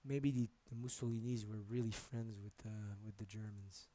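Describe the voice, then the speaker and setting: A man's voice: on the low side, flat delivery, normal speed, mellow, a little hiss or hum. A man live-streaming, talking in a rambling way, swearing and jumping between topics as he goes.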